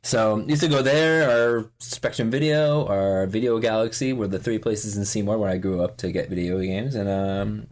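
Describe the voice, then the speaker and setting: A man's voice: fairly low pitch, fairly even intonation, moderate pace, few pauses. A man in his forties, a podcast guest, chatting casually and rambling with lots of fillers and restarts. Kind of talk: casual interview chat.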